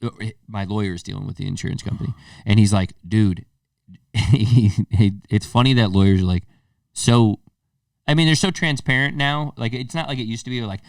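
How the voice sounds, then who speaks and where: A man's voice: lowish voice, moderate pace, vocal fry, no echo, clean studio sound, recorded from a distance. Man telling stories, a bit off the mic. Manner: loose, storytelling, swearing freely. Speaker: podcast co-host. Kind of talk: casual chat.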